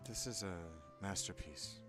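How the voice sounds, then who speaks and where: A man's voice: deep voice, unhurried, over music. A man hosting a let's play, casually commenting on a video game with joking, rambling asides.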